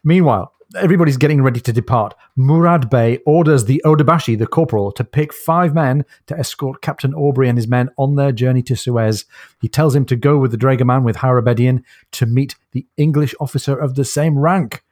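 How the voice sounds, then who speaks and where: A man's voice: medium pitch, a little fast, darkish tone, dry recording, clean studio sound. A man co-hosting a casual book podcast, recounting the story with enthusiasm and frequent laughs. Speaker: podcast co-host.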